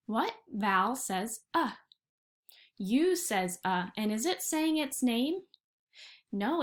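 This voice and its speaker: A woman guides first graders through a phonics lesson in a slow, deliberate way, pulling each sound apart so small children can follow. Her voice sits a little high and stays patient and encouraging. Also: a bit bright. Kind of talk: recorded online phonics lesson.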